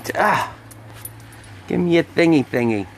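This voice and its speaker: A man with a somewhat high voice chats playfully with viewers as he walks a tugging dog outdoors. He talks into a handheld phone on a snowy city street, and faint street noise sits behind him. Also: animated, measured pace, gravelly. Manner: playful, chatty, addressing viewers. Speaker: livestream host. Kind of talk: casual live vlog. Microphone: phone held by hand.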